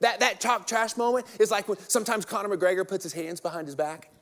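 A man in his thirties, a pastor preaching a sermon as an energetic, joking storyteller. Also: high voice, brisk.

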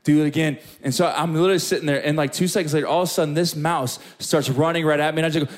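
A young man preaching a sermon as pastor, telling a story with lively, acted-out moments in front of a room. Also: fast talker. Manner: animated storytelling, acting out scenes with big pitch jumps. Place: church hall with live audience.

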